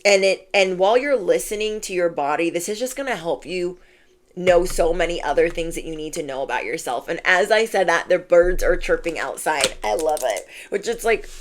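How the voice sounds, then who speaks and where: A woman's voice: lowish voice, lively intonation, normal speed. A woman giving a casual spiritual reading, chatty and affirming, often saying "like". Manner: chatty and affirming, heavy use of "like". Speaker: intuitive card reader.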